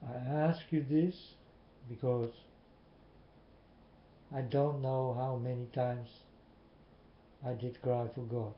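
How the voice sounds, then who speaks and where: Slow-speaking man, echoey room. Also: medium pitch, fairly even intonation. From Netherlands. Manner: slow, repetitive, earnest questioning. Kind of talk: slow earnest monologue to viewers. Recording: muffled, echoey room with faint hiss.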